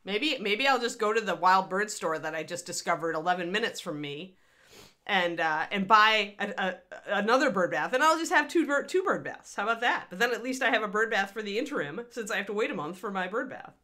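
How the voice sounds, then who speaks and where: Woman host, chatty and rambling, bright voice with a lively, bouncing pitch. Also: brisk. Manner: rambling, chatty, grumbling asides. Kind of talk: casual livestream chat.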